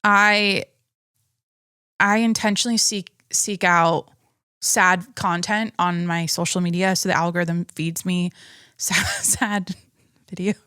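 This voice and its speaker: A woman's voice: lowish voice, fairly even intonation, a little slow, fairly bright tone, clean tone, dry recording, studio quality. A young pregnant woman hosting her own podcast, talking in a rambling, chatty way with many restarts and small laughs. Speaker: podcast host. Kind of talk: casual solo podcast chat.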